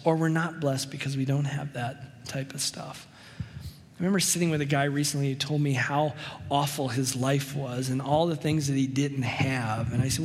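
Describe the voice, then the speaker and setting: Conversational pastor with a slightly high voice. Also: male voice, steady tone, in a large hall, a little hiss or hum. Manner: conversational preaching with anecdotes, slows for emphasis. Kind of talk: sermon.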